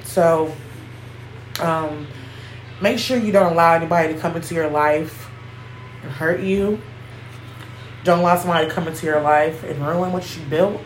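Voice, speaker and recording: A woman in her thirties hosting a podcast, giving an emphatic, heartfelt unscripted talk that calls out to her listeners and at times nears tears. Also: deep voice. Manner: emphatic, preachy, calling out to listeners; speaks slowly, near tears at times. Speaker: podcast host. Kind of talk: heartfelt spontaneous monologue. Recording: echoey room, faint background noise.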